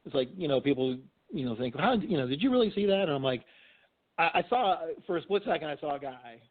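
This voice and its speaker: A middle-aged man with a somewhat high voice rambles through his stories, full of "you know" and restarts. He sounds tinny and thin, like a call over a phone line. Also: expressive, quick pace. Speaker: guest, physician and paranormal investigator. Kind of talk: casual storytelling in a phone interview.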